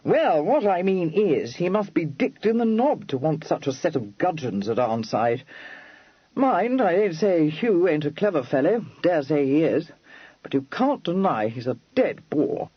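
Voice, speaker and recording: An amiable young Regency dandy, easygoing and full of slang, as a male narrator plays him. He drawls his clipped phrases in a raised, lively register. The husky voice sits close and dry on a dull, lo-fi audiobook recording. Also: a little high, unhurried, no echo, voice pushed up, heavily acted. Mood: startled.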